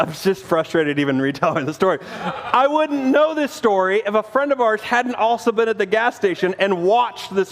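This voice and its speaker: A pastor with a high, light voice delivers a sermon in a church whose long reverb trails each phrase. He is in his forties and tells a family story with lively acted-out dialogue, laughing at himself along the way. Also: a little hiss or hum. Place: church sanctuary.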